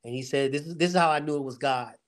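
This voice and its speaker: A man's voice: on the high side, fast talker. A middle-aged man, a security company owner, earnestly telling a faith-filled story of his struggles on a casual podcast, acting out the people in it.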